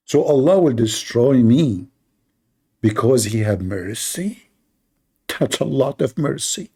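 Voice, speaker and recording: A man's voice: mid-range voice, animated, slow pace, pauses often, dark tone, husky. A man hosting a live online debate, arguing in a sarcastic, combative way. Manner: sarcastic, argumentative. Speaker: debate host.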